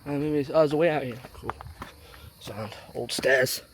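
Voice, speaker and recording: A man in a casual travel vlog, chatting excitedly as he explores underground ruins and caves. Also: medium pitch, normal speed, loud music behind the voice. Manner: chatty, excitable, jumpy about bugs. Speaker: travel vlogger.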